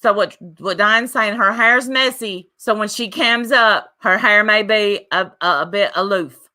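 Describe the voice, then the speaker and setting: A woman's voice: medium pitch, unhurried, pushed and bright. A woman co-hosting a casual livestream chat in a sassy, mocking, teasing way. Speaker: livestream co-host.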